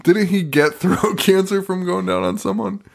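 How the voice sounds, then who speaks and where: A man's voice: high-pitched, normal speed, creaky. A man co-hosting a podcast, riffing crudely with lots of swearing and laughter. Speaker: podcast co-host. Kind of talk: crude casual banter.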